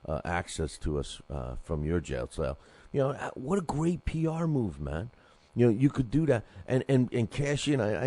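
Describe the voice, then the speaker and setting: A man's voice: sits low, a little mellow, dry recording. A man hosting a boxing talk show, rambling casually with lots of fillers and restarts.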